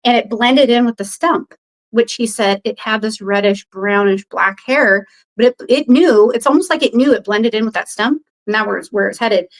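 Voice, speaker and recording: Woman, podcast guest, casual storytelling, fairly high pitch, rambling with fillers, acts out quoted lines. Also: normal speed, poor audio. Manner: animated retelling, acts out others' quoted lines.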